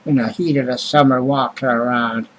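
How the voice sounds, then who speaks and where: A man's voice: mid-range voice, fairly even intonation, normal speed, fairly bright tone, low-quality recording. A man vlogging in a rambling, casual monologue, blunt and grumbling, with heavy swearing and many fillers.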